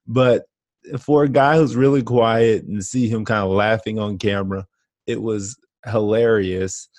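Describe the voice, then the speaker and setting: Relaxed and full of slang, this podcast co-host laughs frequently through casual conversation. He has a lowish, slightly mellow voice with fairly even intonation and a moderate pace. No room sound is audible.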